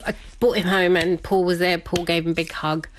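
A woman's voice: on the low side, little pitch movement, fairly quick, a little hiss or hum. A middle-aged woman, telling a personal story as an interview guest, chatty and laughing often.

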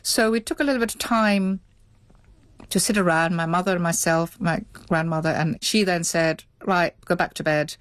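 A woman's voice: lowish voice, normal speed, no room sound. A middle-aged woman, interviewed, recalling her childhood in a reflective, hesitant way with many restarts. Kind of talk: reflective recollection.

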